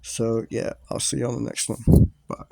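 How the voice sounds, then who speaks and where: A man's voice: medium pitch, monotone, normal speed, gravelly, warm tone, no echo, clean studio sound. A young man casually telling a rambling story to his viewers, full of fillers and swearing.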